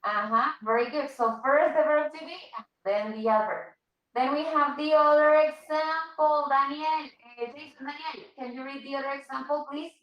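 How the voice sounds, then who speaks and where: Woman, English teacher, patient, high voice, echoey room. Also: steady tone, normal speed, distant mic, lo-fi sound. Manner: patient, switches to Spanish to explain. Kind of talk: online English class.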